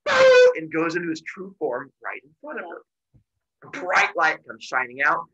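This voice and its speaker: A man teaching a class by retelling a myth in an animated, jokey way with deadpan asides. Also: a little high, normal speed, a little hiss or hum, low-quality recording. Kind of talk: comic myth storytelling to a class.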